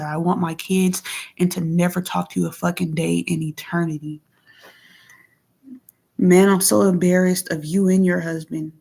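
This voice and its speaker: A woman vents into her phone in a casual monologue, blunt and full of profanity, swinging from heated outbursts to low murmurs. Her tone is creaky and somewhat dark. She's a vlogger.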